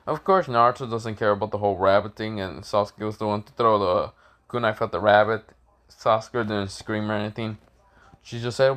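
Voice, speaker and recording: A man's voice: lowish voice, normal speed, fairly bright tone. A man casually retelling a fan story, rambling with lots of fillers and cursing. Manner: rambling, with many fillers and profanity.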